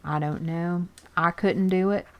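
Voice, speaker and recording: A woman's voice: on the low side, fairly even intonation, unhurried. A woman chatting casually as she sorts through magazines, exclaiming over pictures and reading bits aloud. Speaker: art journaling video host. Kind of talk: casual chat while sorting magazines.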